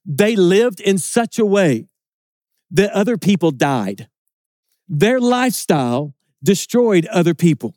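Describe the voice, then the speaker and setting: A man with a fairly high voice preaches a sermon, earnest and emphatic, with stumbling repeats as he builds a point. The sound is dry and close, with no room echo. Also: sing-song, slow, darkish tone.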